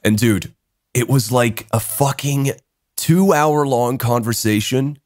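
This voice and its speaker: A young man hosting a podcast, telling a story in casual chat, animated, swearing a lot and laughing as he talks. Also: mid-range voice, takes it slowly, dry recording, clean studio sound. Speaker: podcast host.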